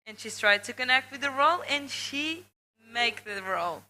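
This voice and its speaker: A woman's voice: a little high, expressive, measured pace. A woman co-commentator describing replays step by step during a live contest. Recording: loud crowd behind.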